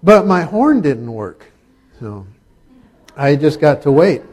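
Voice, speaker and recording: A man's voice: a little high, sing-song, slow, a little mellow. Joking, chatty preacher man. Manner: conversational preaching with asides and humor. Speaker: pastor. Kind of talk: sermon.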